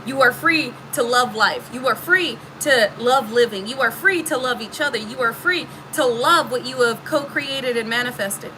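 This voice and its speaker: A woman's voice: a little high, normal speed, hardly any pauses, pushed and bright, a little hiss or hum, low-quality recording. A woman giving a casual spiritual reading to her viewers, emphatic and preachy, swearing freely. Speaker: spiritual reader.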